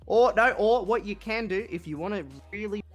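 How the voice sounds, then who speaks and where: A young man with an Australian accent, a guest in casual chat, telling profane stories in an animated way. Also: high-pitched, normal speed, faint music behind.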